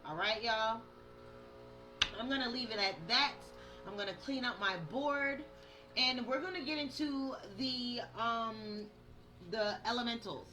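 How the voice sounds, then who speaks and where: A woman with a higher, unhurried voice gives her viewers a casual monthly tarot reading. She's a tarot reader and spiritual coach, chatty and direct, calling them y'all and reading the card texts aloud, with faint yard noise outside.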